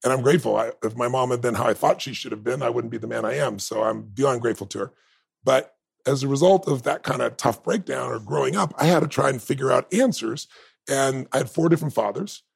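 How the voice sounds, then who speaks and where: A middle-aged man, a podcast guest, telling stories in an animated, emphatic way. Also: mid-range voice, fast talker, vocal fry, slightly rough, no room sound. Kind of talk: storytelling interview talk.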